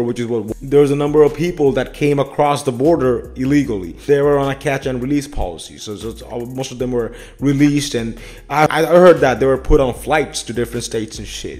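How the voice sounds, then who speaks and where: A man's voice: mid-range voice, fairly quick, a little mellow. A man hosting a casual political reaction commentary, blunt and profane, often adding "man" and "bro.".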